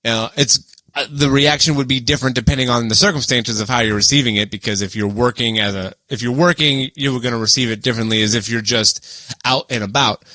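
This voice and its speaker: On a relaxed podcast, a mid-range male co-host speaks a little fast with no echo in the recording. He's a lively storyteller who performs the voices of the people he's quoting.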